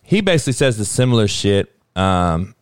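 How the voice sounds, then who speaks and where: A man's voice: fairly low pitch, very animated, moderate pace, clear, resonant tone, dry recording, studio quality. A middle-aged man from Compton, a football coach hosting his own show, ranting bluntly with heavy swearing. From Compton, California. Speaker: football coach and podcast host. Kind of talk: profane ranting monologue.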